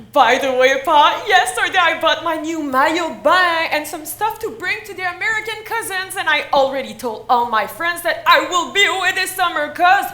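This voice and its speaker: A woman's voice: sits high, lively intonation, unhurried, fairly bright tone. A woman playing an eager, whiny teenage daughter, in stage play acting. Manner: whiny, pleading.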